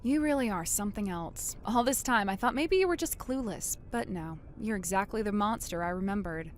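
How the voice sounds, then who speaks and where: A wronged older sister, as voiced by a woman, speaks low and quietly, with a cold, controlled calm. Her pitch still shifts expressively under the restraint. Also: brisk, a little hiss or hum, lightly acted.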